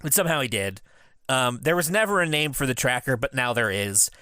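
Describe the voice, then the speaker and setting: A man's voice: medium pitch, expressive, fairly quick, sharp tone, clear, resonant tone, no room sound. A man in his thirties co-hosting a podcast, recapping episodes in a laughing, enthusiastic casual chat. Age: 30s. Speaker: podcast co-host.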